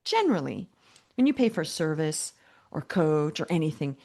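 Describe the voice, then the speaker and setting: Lively older woman with a low voice. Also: moderate pace. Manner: animated, acts out dialogue with quoted voices, humorous. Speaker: guest business coach. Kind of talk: conversational storytelling interview.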